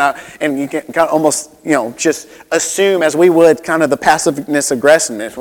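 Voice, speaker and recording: Male pastor, casual sermon delivery, mid-high voice, long church-hall reverb. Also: expressive, fast, hardly any pauses. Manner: conversational, relatable, with many asides and restarts.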